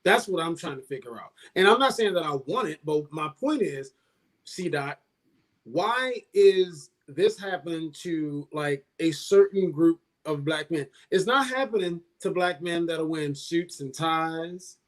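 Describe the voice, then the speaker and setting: Male co-host with a slightly high voice, rambling and hesitant. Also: lively intonation, unhurried. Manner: rambling, hesitant, many restarts and fillers. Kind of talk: casual podcast discussion.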